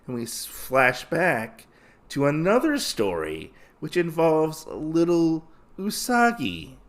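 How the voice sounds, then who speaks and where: A man's voice: a little high, huge pitch swings, slow. A man hosting a podcast who retells a comic's story in a casual, rambling way, full of fillers. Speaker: podcast host.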